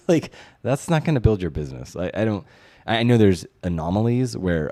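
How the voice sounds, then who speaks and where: Deep, mellow-voiced man co-hosting. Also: a little fast, no echo. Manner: relaxed, talks it through with many "it's like" restarts. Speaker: co-host, brand strategist. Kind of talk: casual podcast conversation.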